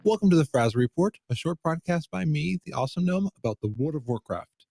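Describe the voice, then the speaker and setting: A man hosting a short comedy news segment about a video game, reading it in a deadpan way. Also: a little high, a little fast, vocal fry, over loud music. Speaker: segment host.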